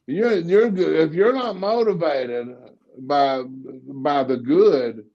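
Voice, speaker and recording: A man's voice: a little high, slow pace, warm tone, muffled recording. A man with a Southern accent co-hosting a casual political chat show. He talks bluntly, often stammering and restarting his sentences. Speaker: co-host, cartoonist.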